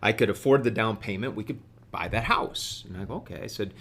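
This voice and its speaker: A middle-aged man telling a story as a podcast guest, halting and full of fillers and restarts. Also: fairly low pitch, a bit bright. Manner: halting, many fillers and repeated words. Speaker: guest executive.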